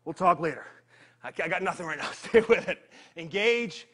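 A man leading a live workout, energetic and joking, counting down reps while he strains through the exercises himself. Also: sits high, moderate pace, slightly rough. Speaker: fitness trainer.

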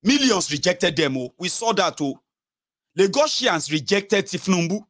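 Animated Nigerian man mixing in Pidgin. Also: sits high, moderate pace, dry recording, clean studio sound. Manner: mixes English with Pidgin and Yoruba, animated mimicry. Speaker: political commentary vlogger. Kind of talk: casual commentary monologue.

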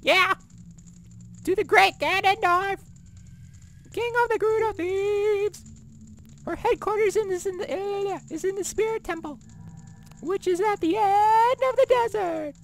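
A man voicing a haughty female thief leader in a high falsetto, reading game dialogue with mock grandeur. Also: a little slow, gravelly, long pauses, a bit bright, slight background noise, full character voice.

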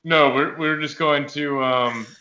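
A man's voice: a little high, steady tone, measured pace, bright, forceful tone. A man playing a scheming bar owner, persuasive and offhand, in a slightly muffled recording. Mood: coaxing.

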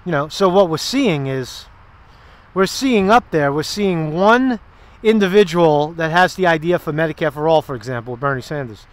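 A man's voice: a little high, animated, normal speed. A man giving rambling, profane political commentary while walking in a park outdoors. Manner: rambling, profane, sarcastic asides. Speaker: political vlogger.

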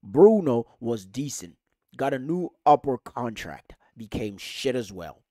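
A man's voice: medium pitch, very animated, unhurried, warm tone, dry recording. A man, hosting a podcast, ranting angrily about football with lots of swearing and emphatic repetition. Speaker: podcast host. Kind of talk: casual football rant.

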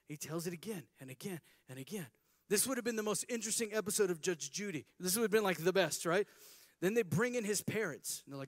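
Man, preacher, sermon, acts out story voices, higher pitch, dry recording. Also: fast talker, no room sound. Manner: animated storytelling, acting out voices of biblical characters. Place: chapel service.

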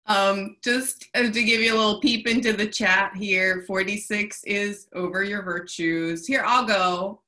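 A woman hosts a casual video call in a bright, clear-toned voice. She speaks in a relaxed, candid way with a wry edge. The sound is that of a home video call. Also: mid-range voice, a little slow, hardly any pauses. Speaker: director, host of the call.

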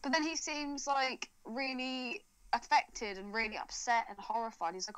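A woman's voice: on the high side, fairly even intonation, moderate pace, few pauses, a bit bright, smooth, low-quality recording. A woman co-hosting a podcast, joking and swearing with lots of laughter. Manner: giggly, sweary, sarcastic. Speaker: podcast co-host. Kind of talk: casual chat.

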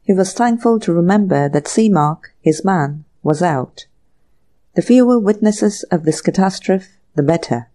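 A woman narrating a mystery audiobook in an even, measured storytelling manner. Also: lowish voice. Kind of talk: scripted narration.

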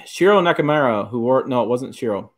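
A middle-aged man from Michigan hosting a laid-back livestream, his voice sitting at an ordinary middle pitch. He rambles through stories, stops to correct himself, and chuckles as he answers viewer questions. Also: lively intonation, brisk. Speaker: livestream host.

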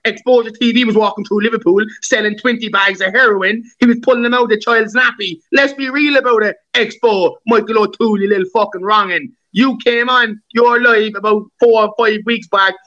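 A man's voice: high-pitched, steady tone, a little fast, hardly any pauses, pushed and bright, dull audio. A man hosting a live-stream panel, ranting abusively with heavy swearing and repeated insults. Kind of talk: angry live-stream rant.

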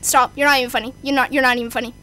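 A young woman doing horror game commentary who swears, panics and trash-talks the game loudly. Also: high-pitched, little pitch movement, very fast, slight background noise. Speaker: gaming channel host. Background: loud game music.

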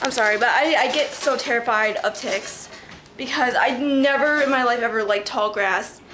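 A teenage girl vlogging outdoors in her yard, excitable and swearing a lot as she calls her dogs. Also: fairly high pitch, normal speed. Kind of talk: casual vlog. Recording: noisy outdoor ambience.

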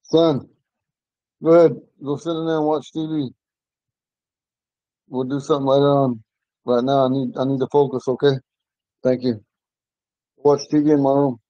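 A man teaching an online language class from his home, patiently repeating words slowly for learners. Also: mid-range voice, little pitch movement, dry recording, muffled recording.

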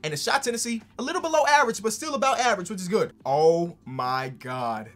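Excitable male gaming YouTuber, somewhat high-pitched, casual hyped commentary with soft music underneath. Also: brisk. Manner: excitable, swings from hyped to dry asides.

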